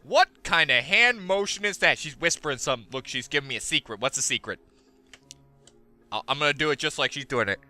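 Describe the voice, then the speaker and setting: Goofy, lively man on a headset. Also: a little high, brisk, faint music behind. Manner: goofy, self-mocking, rambling. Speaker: let's play host. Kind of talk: casual gaming commentary.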